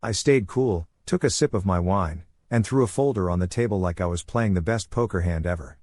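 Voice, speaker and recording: A man narrating a first-person drama story in a calm, cool tone. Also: low voice, a little fast, dry recording, studio quality.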